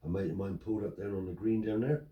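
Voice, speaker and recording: The sound here is narrow and tinny, roomy, and picked up from afar. An older man, interviewed as a Romany Traveller, talks fast in a lowish voice, chatting casually and dramatizing dialogue as a lively storyteller.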